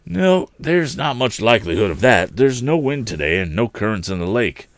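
A man's voice: mid-range voice, big pitch swings, normal speed, no echo, voice pushed up. A man reading a storybook aloud, voicing a blunt, confident middle-aged male engineer in a firm, matter-of-fact way.

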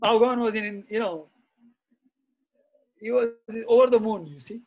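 Over dull audio, a middle-aged interview guest with a high-pitched voice tells anecdotes at normal speed. He's chatty and reminiscent, often saying "you see" and "uh".

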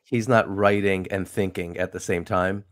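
A man appearing as a guest analyst in a casual chat, speaking emphatically and with lively stress. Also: low-pitched, normal speed, no echo, studio quality.

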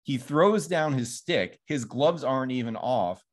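A man's voice: mid-range voice, lively intonation, unhurried. A man hosting a podcast, chatting casually about a film and retelling its scenes in a rambling way. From Phoenix, Arizona. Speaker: podcast host. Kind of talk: casual film review chat.

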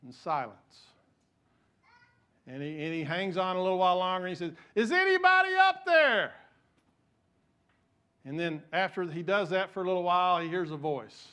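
A male pastor, preaching a sermon in a church, telling stories with many restarts and dropping to a soft voice to pray. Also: fairly even intonation, fast, hardly any pauses, clear, resonant tone. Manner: storytelling with repeated restarts; drops to soft, low voice in prayer.

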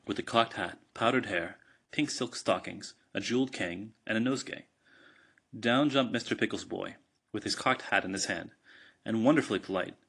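A man narrating a storybook aloud at a measured, steady pace. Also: fairly low pitch, slightly rough. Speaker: audiobook narrator. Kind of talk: storybook reading.

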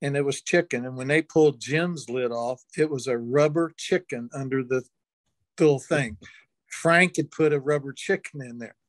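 A man's voice: medium pitch, normal speed, no echo. An older man, an interview guest, telling a long folksy anecdote and chuckling now and then. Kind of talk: storytelling in an interview.

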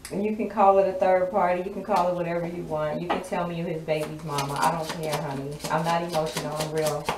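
Far from the microphone and off-mic, a woman tarot reader speaks quickly in a fairly low, steady voice. She drawls sassily through a spoken, channeling-style reading with frequent laughter, while the echoey room and background noise muddy the recording.

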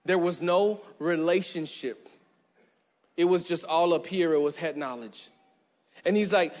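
A man preaching as pastor, chatty and joking, who slows down and goes quiet to stress a point. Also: a little high. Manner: conversational, joking, acts out little scenes; slows down and drops quiet for emphasis. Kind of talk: sermon. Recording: long church hall reverb.

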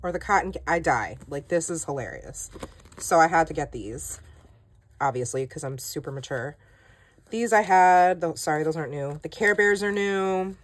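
Low-voiced chatty woman hosting a haul vlog. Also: moderate pace, dry recording. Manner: chatty and self-deprecating, with many "like"s and "um"s. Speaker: planner channel host.

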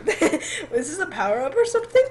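A high-voiced woman chatters through a game session in excitable, giggly bursts. She shouts out countdowns and wins, over a faint hiss in the background. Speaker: gamer. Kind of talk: let's play commentary.

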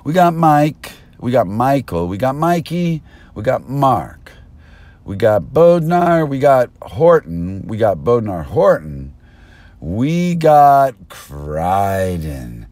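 A man's voice: medium pitch, sing-song, slow pace, a little mellow, no room sound. A man delivering an erratic, conspiratorial stream-of-consciousness monologue, recorded on a binaural mic. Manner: erratic, conspiratorial, jumps between topics. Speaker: self-styled press speaker.

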